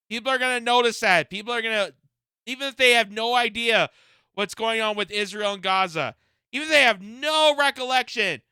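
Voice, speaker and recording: Indignant guy reacting to a clip, high clear voice. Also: sharp tone, no room sound, studio quality. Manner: indignant, emphatic. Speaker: political commentator. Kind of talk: reaction commentary.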